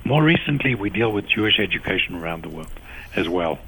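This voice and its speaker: Bright-voiced South African man explaining. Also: deep voice, big pitch swings, slight background noise, low-quality recording. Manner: measured, explanatory, enumerating points. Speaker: guest, agency official. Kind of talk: radio interview answer.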